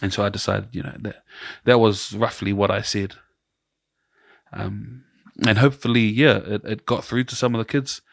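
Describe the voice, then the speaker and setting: A man with a New Zealand accent, co-hosting a casual podcast chat, relaxed and storytelling, laughing often. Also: fairly low pitch, moderate pace, vocal fry, no echo, clean studio sound. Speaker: podcast co-host.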